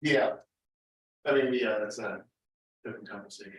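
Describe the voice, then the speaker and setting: A man's voice: lowish voice, moderate pace, roomy sound, poor audio. A man hosting a class, making brief, casual interjections.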